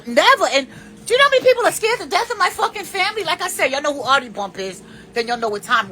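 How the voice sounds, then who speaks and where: A woman's voice: high voice, sharp tone. A woman in her fifties giving blunt, profane life advice in an unscripted monologue. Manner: blunt, profane and preachy, with big swings in emphasis.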